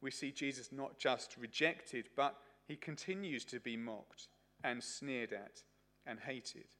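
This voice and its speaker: Fields: Man, chatty preacher, middle pitch. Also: slow, bright, forceful tone. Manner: chatty, anecdotal, with many fillers. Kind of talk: sermon. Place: church service.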